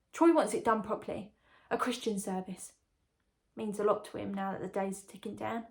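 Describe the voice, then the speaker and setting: This young woman plays the lead in a monologue as the confiding, gossipy fiancée of a condemned prisoner, all in a breezy mood. Her natural voice is medium-pitched and darkish, with fairly even intonation, moderate pace and some vocal fry.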